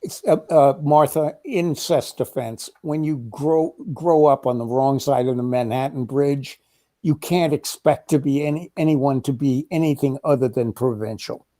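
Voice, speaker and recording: A man in a casual political chat, talking in a wry, measured, sardonic way. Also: mid-range voice, warm tone. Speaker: co-host.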